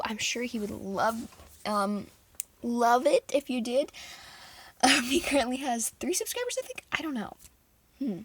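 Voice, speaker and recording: A woman's voice: on the high side, unhurried, long pauses, a little hiss or hum. A teenage girl vlogging in casual chat, rambling and giggling as she tells stories. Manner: giggly, rambling, animated storytelling.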